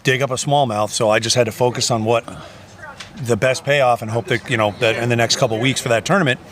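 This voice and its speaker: A man's voice: mid-range voice, fairly even intonation, fast, a bit bright. A man co-hosting a fishing podcast in casual chat, talking loosely with frequent restarts. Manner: loose, talkative, restarts often. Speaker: podcast co-host.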